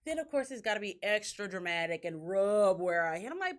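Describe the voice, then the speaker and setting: A woman hosting a podcast, telling stories in a casual, profane way and acting out what others said. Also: a little fast. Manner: animated, profane, acts out quotes in a shrill crying voice. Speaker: podcast host. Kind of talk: casual storytelling chat.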